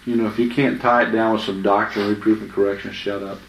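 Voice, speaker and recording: A man's voice: on the low side, level tone, fast, heavy background noise. A man giving informal Bible teaching in a chatty, anecdotal way, often laughing. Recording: echoey room with faint ambience.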